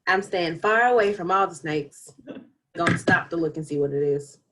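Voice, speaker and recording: A woman's voice: fairly low pitch, moderate pace, background noise. A woman hosting a casual video call, reacting dryly and moving the group toward introductions. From Alabama.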